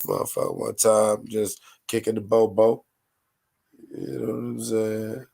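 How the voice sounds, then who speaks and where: A man from North Carolina with a raspy, nasal voice, chatting casually as a podcast host in a laid-back, rambling, slangy way. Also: on the low side, level tone, measured pace, warm tone. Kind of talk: casual chat.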